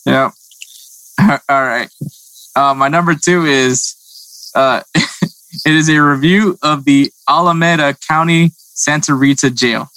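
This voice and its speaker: Bright-voiced man reading reviews, chuckling. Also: a little high, no echo, rough recording. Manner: quick reading, chuckles between lines. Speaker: podcast co-host. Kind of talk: casual chat reading funny reviews aloud.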